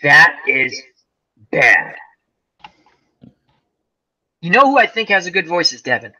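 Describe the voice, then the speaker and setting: Bright-voiced rambling man host. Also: on the high side, big pitch swings, slow pace, dull audio. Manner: rambling storyteller, many fillers. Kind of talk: casual chat.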